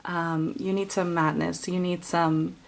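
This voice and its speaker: A woman giving an intuitive tarot reading to camera, gentle and musing, with many fillers and restarts. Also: fairly low pitch, flat delivery, measured pace, gravelly. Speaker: tarot card reader.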